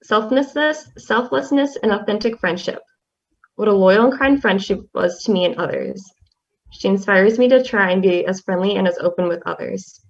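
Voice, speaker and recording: Soft-spoken young woman, halting. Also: medium pitch. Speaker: class representative. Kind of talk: reading a tribute poem. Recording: slightly dull lo-fi audio.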